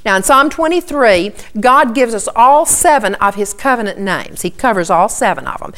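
A woman's voice: fairly high pitch, animated, normal speed, fairly bright tone. A woman giving an earnest Bible teaching, repeating key points and often starting with "okay".

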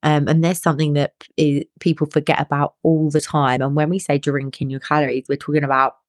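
A woman co-hosting a casual podcast chat as a fitness coach, talking in a chatty, animated way and often restarting her phrases. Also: low-pitched, brisk, no room sound, studio quality.

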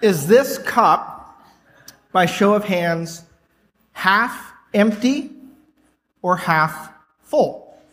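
A man's voice: sits high, animated, very slow, pauses often, fairly bright tone. A man preaching a sermon to his congregation in a loose, conversational way. He fills his talk with "like" and "right?". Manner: casual, rambling, full of "like" and "right?". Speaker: pastor. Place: church hall with a congregation. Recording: long reverb of a church hall.

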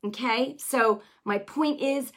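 A fervent woman speaks in a slightly higher voice, sharing a testimony with mounting conviction. She repeats key phrases for emphasis and pushes toward near-shouting before easing back into chatty asides. Her delivery stays personal and full of restarts. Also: slow. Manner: conversational asides, many restarts and fillers. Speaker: Christian teacher sharing a healing testimony. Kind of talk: passionate testimony and teaching.

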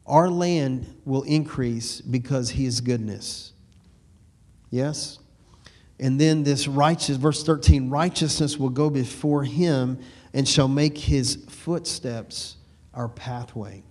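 A middle-aged man preaching in a relaxed, folksy way, with a slight East Texas twang from his upbringing. His delivery is unhurried and sits at a middle pitch. He often repeats himself and stretches out the scripture he quotes. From Texas, USA. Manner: folksy, repeats words, slows and swells on scripture. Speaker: pastor. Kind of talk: sermon.

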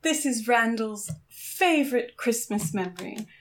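A woman's voice: on the high side, animated, unhurried. A woman voicing a gracious female ghost of Christmas past who talks in a doting, theatrical way. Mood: gentle.

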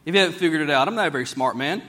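A man preaching a sermon in a church, plain-spoken and folksy, slowing down whenever he reads scripture aloud. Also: on the high side, a bit bright.

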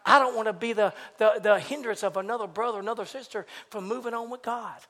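In this church sermon, the man's high-pitched voice moves quickly as he preaches in an animated, down-home style. He alternates loud exclamations with hushed remarks and exchanges call-and-response with the congregation.

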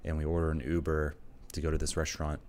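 A man's voice: very deep voice, monotone, fast, darkish tone. A man co-hosting a podcast, telling a story in a wry, conversational way. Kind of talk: casual storytelling chat.

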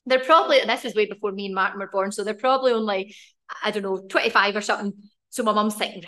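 A woman's voice: medium pitch, fast talker, sharp tone. A young Scottish woman co-hosting a podcast, telling stories in a giggly, bubbly way. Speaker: podcast co-host. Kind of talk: casual chat.

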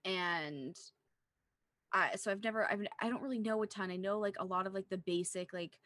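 A woman's voice: mid-range voice, moderate pace, no room sound, studio quality. A young woman talking casually about films with friends, chatty and full of fillers, often breaking into laughter. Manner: chatty, lots of "like", excitable laughter.

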